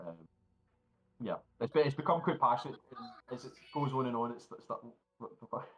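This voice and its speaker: A man's voice: medium pitch, fairly quick, a bit bright, poor audio. A man narrating a tabletop game as game master, rambling with restarts and swearing.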